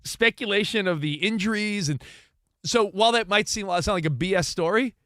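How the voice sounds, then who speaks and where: A man co-hosting a sports talk radio show from a studio, bantering and teasing with quick jokes. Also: sits high, fairly bright tone, no room sound.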